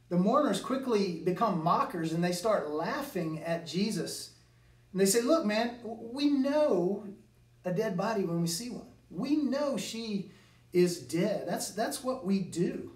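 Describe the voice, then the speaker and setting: A man's voice: fairly high pitch, echoey room, far from the mic. A male pastor preaching a sermon in an earnest way, often repeating words as he restarts a phrase. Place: church sanctuary.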